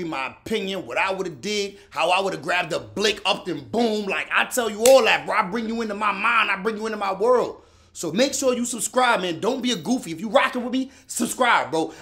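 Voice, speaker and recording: Man, high voice, very lively pitch, slangy reaction host, faint music behind. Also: a little fast. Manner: animated, slangy, pitch jumps and near-shouts when worked up. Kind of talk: casual reaction commentary.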